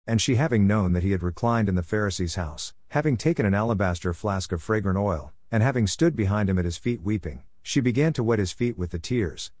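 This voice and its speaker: A man with a low voice reads scripture in a steady, measured manner. The recording is dry and close, with no room sound around him. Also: dry recording. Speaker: scripture reader. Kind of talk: scripted Bible reading.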